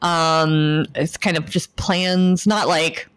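A woman's voice: sits low, slow, clear, resonant tone. A woman hosting a casual podcast, joking around and steering the conversation. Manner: joking, playful, lively delivery. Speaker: podcast host.

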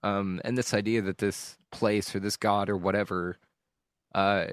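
A man hosting a podcast, talking candidly and emotionally about a hard stretch, rambling and swearing with frequent halting restarts. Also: fairly low pitch, steady tone, clear, resonant tone, dry recording, studio quality. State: emotional at times. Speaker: podcast host. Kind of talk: candid personal monologue.

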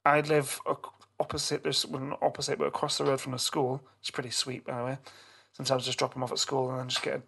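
A middle-aged man on a podcast, telling a story in casual chat with animated, swearing delivery. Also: medium pitch, fast, gravelly, slightly rough. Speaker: podcast co-host.

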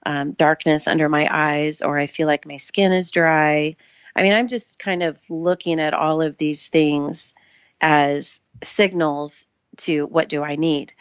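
Brief: woman guest, very low voice, thoughtful and measured, lo-fi dry remote sound. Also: smooth, no echo. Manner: thoughtful, measured, restarts phrases. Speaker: Ayurvedic practitioner guest. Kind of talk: casual interview chat.

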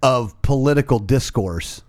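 A man's voice: medium pitch, unhurried. A man co-hosting a podcast, talking politics in a casual, profane, ranting way. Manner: animated, profane, rants. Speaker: podcast co-host.

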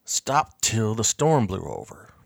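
A man doing a gruff, taunting old tonic peddler. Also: fairly low pitch, very animated, slow, no room sound, clean studio sound, full character voice. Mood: gruff bossy. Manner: taunting, bossy, with a nasty phlegmy laugh.

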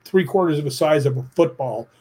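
A middle-aged man, a stunt performer, telling an animated story in a casual interview, often tagging his sentences with "right?". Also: a little high, fairly quick, slightly rough. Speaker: stuntman and actor, guest.

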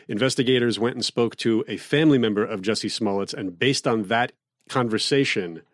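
A man co-hosting a podcast, recapping news in a measured, matter-of-fact way. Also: mid-range voice, no room sound, studio quality. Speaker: podcast co-host. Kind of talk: news recap in casual panel.

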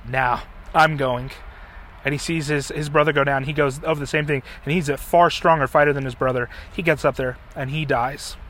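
Middle-aged guy telling a story on his podcast, animated, acts out the lines, slightly high voice. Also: quick pace, few pauses. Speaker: podcast host. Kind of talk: casual chat, retelling a story.

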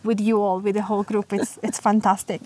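A woman with an Italian accent hosting a cooking podcast and interviewing a guest, enthusiastic and quick to laugh. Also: medium pitch, flat delivery, mellow. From Tuscany, Italy. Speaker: podcast host.

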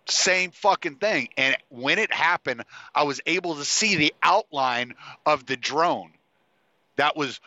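With a sharp tone and a voice on the high side, a male podcast host rambles casually, cursing freely, leaning on fillers and starting sentences over. He sounds stuffed up and sniffly. The audio is dull, with no echo.

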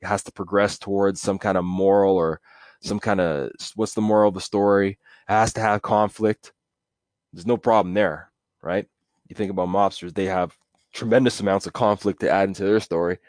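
A man's voice: low-pitched, steady tone, normal speed, darkish tone, no echo, studio quality. A man hosting a casual solo podcast, rambling and correcting himself as he talks. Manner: rambling, self-correcting, with chuckles. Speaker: podcast host.

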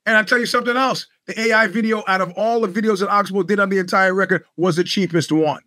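Bright-voiced, profane male podcast host. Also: high voice, steady tone, fast talker, no echo, clean studio sound. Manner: profane, rambling, sardonic storytelling. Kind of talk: casual monologue.

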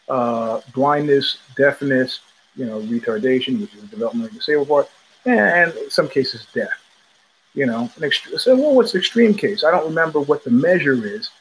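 A man hosting a podcast, telling a story in a loose, animated way and acting out the voices of the people in it. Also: medium pitch, a little hiss or hum, rough recording. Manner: animated, profane, acts out quoted voices. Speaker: podcast host. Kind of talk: casual storytelling monologue. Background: child heard in the background.

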